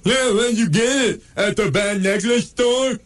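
A man's voice: high-pitched, a little slow, voice pushed up. A man voicing a small, dim-witted male chihuahua sidekick. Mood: gleeful.

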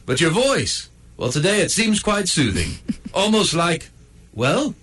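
Un hombre haciendo de un perro sarcástico y gruñón. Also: male voice, on the high side, very animated, measured pace, fairly bright tone, slight background noise. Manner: sardonic, self-pitying and crude. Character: grumpy male dog wearing a cone, sarcastic. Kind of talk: comedic inner monologue.

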